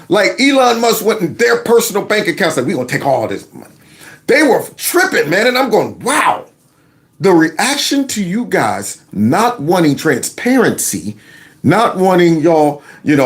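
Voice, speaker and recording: Fired-up man with a higher voice. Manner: emphatic, colloquial, indignant; big pitch swings for emphasis. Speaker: political commentary host. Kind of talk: opinionated commentary vlog.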